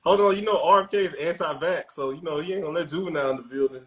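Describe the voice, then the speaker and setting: A man's voice: a little high, racing, fairly bright tone, poor audio. A man hosting a podcast in casual chat, laid-back, laughing often and restarting his sentences. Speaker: podcast host.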